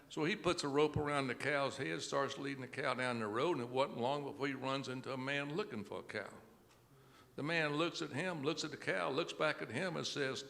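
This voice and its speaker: A man telling clean jokes to an audience at a country club, acting out each character in an unhurried storytelling manner. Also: mid-range voice, vocal fry, fairly bright tone, in a large hall. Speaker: inspirational speaker telling jokes. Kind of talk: stand-up joke telling. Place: country club event room.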